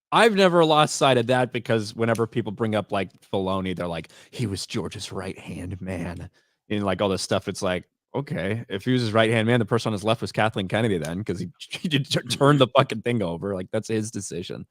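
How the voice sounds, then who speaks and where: A man co-hosting a livestream in casual, wry conversation, teasing his partner and giving quick opinions. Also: on the low side, no echo. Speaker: livestream co-host. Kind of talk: casual profane stream chat.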